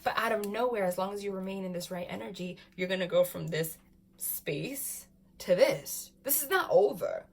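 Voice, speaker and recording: A woman giving a casual tarot reading to camera, excitable, often saying "freaking" and "like", swinging from calm talk to loud laughing outbursts. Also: mid-range voice, normal speed, creaky. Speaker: tarot reader.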